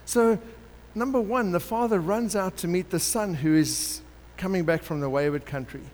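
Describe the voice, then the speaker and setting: A man preaching a sermon, telling a parable in an animated way and acting out the characters. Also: high voice, moderate pace. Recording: long hall reverb with faint background noise.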